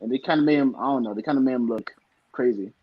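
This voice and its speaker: A man's voice: medium pitch, fast talker, husky, dry recording. Brief: easygoing male co-host, dry muffled remote audio. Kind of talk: casual TV review chat.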